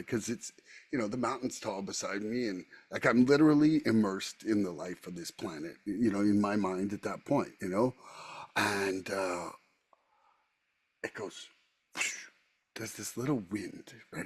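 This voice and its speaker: A man tells a personal story on a recovery podcast, getting more and more animated and awed as it goes. His voice sits low and has a husky grain. He uses casual fillers throughout. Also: a little slow, dry recording. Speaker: podcast co-host.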